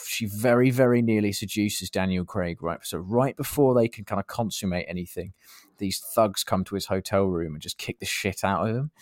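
A man's voice: on the low side, moderate pace, no echo, studio quality. A man co-hosting a podcast, chatting eagerly about films and acting out lines from them. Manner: enthusiastic, acts out film lines. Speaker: podcast co-host. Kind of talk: casual film chat.

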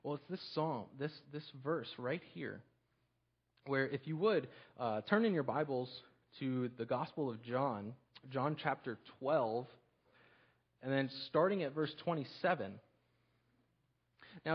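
Earnest man preaching, husky and muffled. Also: medium pitch. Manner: earnest, halting, frequent repeats and restarts. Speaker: pastor. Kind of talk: sermon.

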